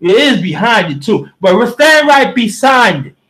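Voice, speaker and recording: Man, strikingly high voice, bright and forceful, preachy livestream rant, frequent shouting. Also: very animated, moderate pace. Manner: preachy, fiery, often shouting, addresses listeners directly. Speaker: livestream host reading chat.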